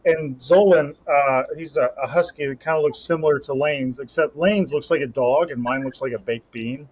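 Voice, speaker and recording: A young man on a podcast, casually telling a rambling, animated story about a competition. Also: a little high, normal speed, slightly rough. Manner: rambling, animated storytelling with self-talk asides. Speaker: podcast co-host and Highland Games athlete. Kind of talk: casual chat. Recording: slightly dull lo-fi audio.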